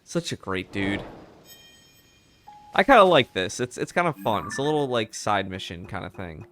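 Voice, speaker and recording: A man's voice: on the low side, big pitch swings, moderate pace, bright, forceful tone, faint music behind. A man casually commenting and chuckling while streaming a video game. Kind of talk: let's play commentary.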